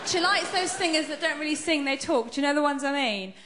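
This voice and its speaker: A woman from Iran, doing a stand-up routine on stage, chatty with deadpan punchlines. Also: high voice, brisk. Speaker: stand-up comedian. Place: large theatre with a live audience. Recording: echoey theatre with a faint crowd.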